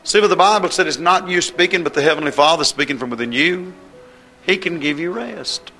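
Male preacher, bright forceful voice, impassioned sermon delivery, faint music behind. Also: on the high side, brisk. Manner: impassioned, rising and falling cadence.

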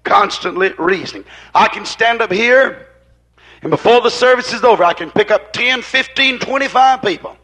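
This is a man preaching in church, his voice high and bright. He hammers phrases over and over in a fiery rhythm, surging loud and then dropping low. He sometimes moves away from the microphone, so his voice sounds distant. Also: expressive, normal speed. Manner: rhythmic, repetitive, rising and falling in intensity. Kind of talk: fiery sermon.

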